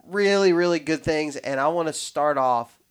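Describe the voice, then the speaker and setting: A man hosting a podcast, telling stories in a rambling, animated way with many restarts. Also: a little high, moderate pace, clean tone. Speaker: podcast host. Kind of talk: casual podcast chat.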